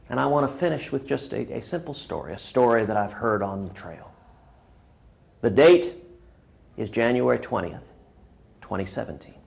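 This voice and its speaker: Brief: male candidate, punchy stump-speech greeting, mid pitch. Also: lively intonation, moderate pace, creaky, long pauses, a little mellow. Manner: rallying, punchy repetitions. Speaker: presidential candidate. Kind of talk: recorded New Year greeting with a joke.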